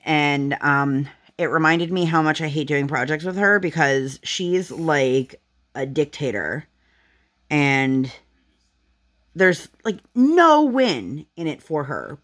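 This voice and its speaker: A woman's voice: sits low, fairly bright tone. A young woman chatting casually while she works on a craft at home, telling a family story with lots of "like.". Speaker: crafting vlogger.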